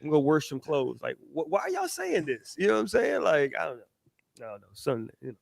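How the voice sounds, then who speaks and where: High-voiced laid-back guy. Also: huge pitch swings, fast, creaky, no room sound, studio quality. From Texas. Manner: laid-back, chatty, slangy, laughs often. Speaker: podcast co-host. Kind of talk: casual chat.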